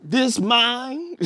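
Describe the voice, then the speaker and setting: Lively high-voiced preacher man. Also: no room sound, clean studio sound. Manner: conversational preaching that swings from low asides to high excited shouts. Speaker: pastor. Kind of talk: sermon.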